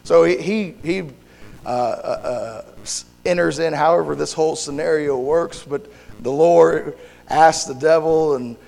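A male pastor with a gravelly, hoarse voice preaches a sermon and prays, halting and restarting as he searches for words. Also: on the high side, a little mellow. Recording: long hall reverb.

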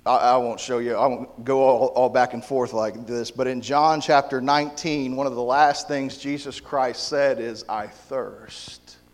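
A man's voice: medium pitch, steady tone, normal speed, hardly any pauses. A man preaching a sermon in a church hall, emphatic and repetitive, often restarting his sentences.

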